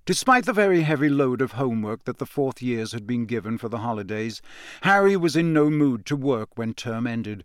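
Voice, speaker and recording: A man narrating an audiobook in a measured, even storytelling manner. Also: mid-range voice, dry recording. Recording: dry close studio sound.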